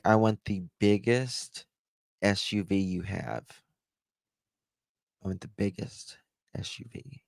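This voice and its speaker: Livestream host, a man, slow and rambling, with a dry, close sound and a low voice. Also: gravelly, darkish tone, dry recording. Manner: rambling, chatty, fills with "uh" and "like". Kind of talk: casual livestream chat, thanking viewers.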